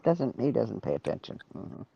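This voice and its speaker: A woman chatting casually on a call to a friend's stream, rambling easily, slightly sick with a low fever. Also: sing-song, normal speed, gravelly, lo-fi sound, slight background noise. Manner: easygoing, rambling small talk. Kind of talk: casual chat.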